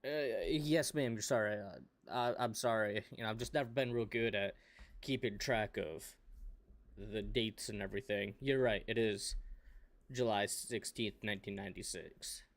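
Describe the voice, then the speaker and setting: Polite, folksy federal agent, a man in character, low and hesitant, tabletop game. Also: moderate pace, gravelly.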